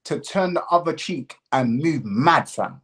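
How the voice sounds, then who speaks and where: A man's voice: a little high, lively intonation, measured pace, fairly bright tone. A man in a casual chat, insistently cutting in to make his point.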